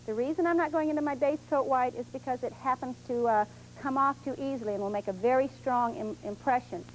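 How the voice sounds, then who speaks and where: High-voiced woman teaching painting on TV. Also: fairly quick, slight background noise, poor audio. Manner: patient step-by-step explaining while painting. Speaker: painting instructor. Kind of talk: televised painting demonstration. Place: TV studio.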